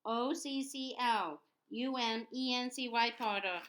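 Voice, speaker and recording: A woman reading the lines of a cold, sneering male teacher in a quiet, smooth way, spelling words out, in a noisy home recording. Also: fairly high pitch, measured pace.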